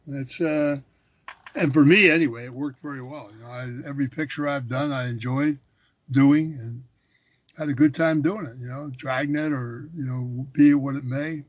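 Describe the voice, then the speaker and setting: An older man, a former boxer turned actor, telling lively anecdotes in a casual interview, repeating phrases for emphasis. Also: a little high, moderate pace. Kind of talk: casual storytelling. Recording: dull, dry recording.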